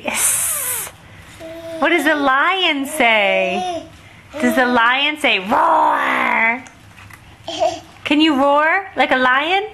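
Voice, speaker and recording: A woman talking to a toddler over a picture book, slow and coaxing, making animal sounds in a sing-song way. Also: high voice, bright, forceful tone, a little hiss or hum. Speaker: parent.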